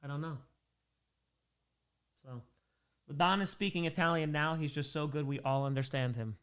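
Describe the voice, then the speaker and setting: A man's voice: on the high side, normal speed, fairly bright tone, clear, resonant tone. A man hosting a charity livestream, reading out donations and bantering with chat, sometimes in character as a made-up persona.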